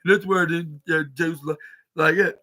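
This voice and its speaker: A podcast host recaps wrestling in a rambling, casual way, his talk full of "like," "uh," and restarted sentences. His voice is fairly high and bright with a forceful tone, little pitch movement, and a fairly quick pace.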